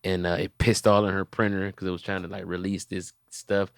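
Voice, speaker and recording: A young man hosting a comedy podcast, telling animated stories and cussing freely in casual chat. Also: sits low, fairly quick, gravelly, clean tone, no room sound, studio quality. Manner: animated storytelling, swears freely. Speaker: podcast host.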